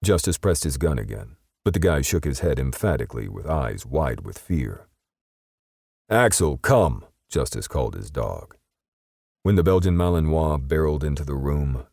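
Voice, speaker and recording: A man's voice: a bass voice, animated, normal speed, vocal fry, dark tone, no echo, studio quality. A man narrating an audiobook in a dramatic, scripted way.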